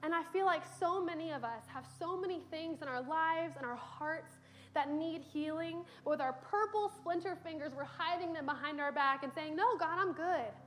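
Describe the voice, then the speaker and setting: There is a little hiss or hum under this young woman's high-pitched, slightly bright voice as she preaches at a moderate pace. In a church sanctuary, she earnestly tells stories and uses casual fillers.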